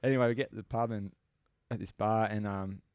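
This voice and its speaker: A man's voice: fairly low pitch, fairly even intonation, brisk, a little mellow, clean tone, no room sound. A young Australian man co-hosting a podcast, telling a rambling, sweary story in casual chat. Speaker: podcast co-host.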